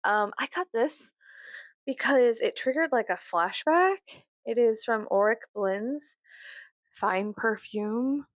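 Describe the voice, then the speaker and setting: A woman's voice: lively intonation, takes it slowly, no echo. Profane rambling Southern woman vlogger. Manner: rambling, profane, laughing, sudden loud high outbursts. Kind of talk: casual chat to camera. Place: bedroom.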